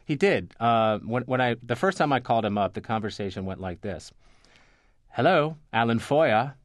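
Low-voiced man telling stories, halting. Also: no echo, clean studio sound. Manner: rambling, many restarts and fillers. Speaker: guest, newspaper reporter. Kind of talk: conversational interview storytelling.

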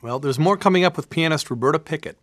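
A man's voice: fairly high pitch, quick pace, fairly bright tone. A man hosting a radio music show, interviewing a guest in an enthusiastic, admiring way. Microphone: studio microphone.

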